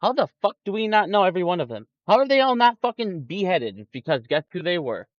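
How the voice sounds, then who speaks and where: Streamer type, man, angry and profane ranter, swings his pitch around, dull lo-fi sound. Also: very animated, quick pace, no echo. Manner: profane, angry ranting with frequent swearing; mocking put-on voices for quoted people. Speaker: stock market streamer. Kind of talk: ranting livestream commentary. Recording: dull lo-fi audio, dry.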